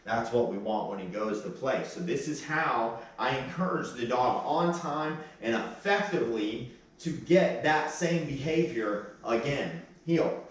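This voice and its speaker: A man's voice: medium pitch, expressive, unhurried. Man training a dog, distant and echoey. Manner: casual, explains step by step with short sharp commands. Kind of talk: explaining training while working a dog.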